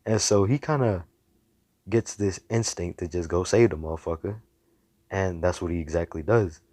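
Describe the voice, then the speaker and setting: A man with a low voice tells a story in a loose, rambling way, full of slang and swearing. The recording is close and dry, with no room sound. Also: moderate pace, mellow, dry recording. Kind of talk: casual storytelling.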